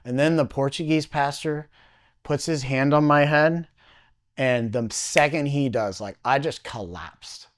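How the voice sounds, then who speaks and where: A man, a podcast guest, telling a personal testimony in an animated, halting way, full of "like" fillers. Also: mid-range voice.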